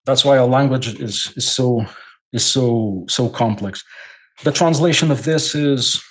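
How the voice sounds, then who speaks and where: A man from Portugal speaks English with a Portuguese accent, as a non-native speaker. He lays out his points like a lecture on a podcast and often repeats words while he gathers his thoughts. His voice sits at a middle pitch. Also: measured pace, fairly bright tone. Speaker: guest. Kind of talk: podcast conversation.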